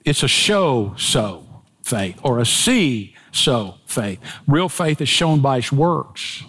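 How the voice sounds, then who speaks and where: A man preaching a sermon with emphatic delivery and dramatic swings in pitch and pace. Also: very animated, takes it slowly, fairly bright tone, breathy edge. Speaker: pastor.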